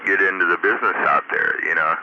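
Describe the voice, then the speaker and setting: A man with a very deep voice chats in a relaxed, folksy manner over ham radio. The signal is muffled and lo-fi, with a clear bed of static behind him. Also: quick pace. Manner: easygoing, folksy. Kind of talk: casual radio chat.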